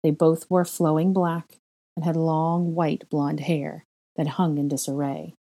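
Give me a low-voiced woman narrating a first-person story, measured and expressive. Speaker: audiobook reader.

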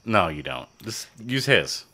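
A man's voice: low-pitched, sing-song, sharp tone. A man hosting a podcast, chatting casually with friends and joking and teasing. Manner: jokey, quick to tease. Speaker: podcast host. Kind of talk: casual banter among friends.

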